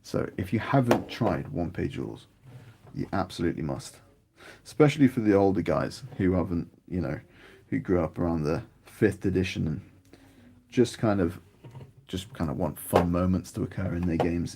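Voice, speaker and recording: A British man with a husky voice chats casually while painting miniatures, rambling and growing animated. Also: low-pitched, moderate pace. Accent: British English. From United Kingdom. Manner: rambling, chatty, grows animated.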